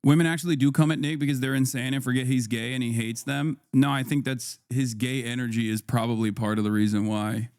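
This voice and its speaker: A man's voice: mid-range voice, flat delivery, a little fast, hardly any pauses, a little mellow, dry recording, clean studio sound. A man streaming his reaction to a video, making wry, offhand remarks in casual commentary.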